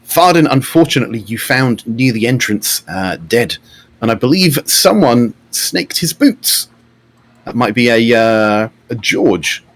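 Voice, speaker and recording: A man's voice: mid-range voice, animated, unhurried. A man, narrating a tabletop game as game master. He talks in a chatty way, with many fillers and restarts.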